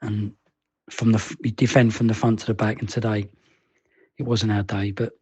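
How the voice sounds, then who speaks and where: A man's voice: fairly low pitch, level tone, moderate pace, dark tone, slightly rough, dry recording, dull audio. A man leaving a rambling voice message reviewing a football match, hesitant and resigned. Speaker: fan caller.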